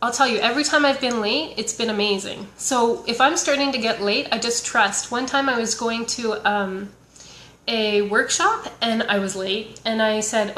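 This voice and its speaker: A woman's voice: a little high, moderate pace, a bit bright, a little hiss or hum. A woman spiritual wellness coach giving a casual motivational talk, earnest and chatty, often restarting her sentences. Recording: echoey room.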